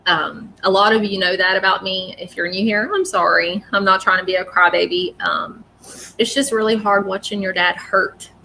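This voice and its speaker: A woman's voice: mid-range voice, steady tone, moderate pace, sharp tone, slight background noise. A woman talking casually and emotionally on a live stream, apologetic and rambling as a psychic reader.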